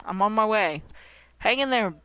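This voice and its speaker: Smooth, playful game streamer. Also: mid-range voice, animated, normal speed, sharp tone, poor audio. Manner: playful, dramatic, talks to the game characters. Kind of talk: playing a video game and commentating live.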